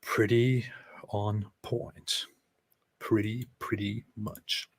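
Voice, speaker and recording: Sarcastic male host reacting to clips, flat dry recording. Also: lowish voice, very slow, no room sound. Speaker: commentary host. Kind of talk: casual reaction commentary.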